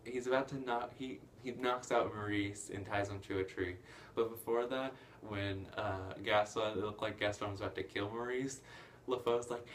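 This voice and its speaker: A man's voice: medium pitch, normal speed, a little hiss or hum. Chatty young man recapping a movie. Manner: rambling, many fillers, bursts of excitement. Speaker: movie reviewer. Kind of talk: casual plot recap.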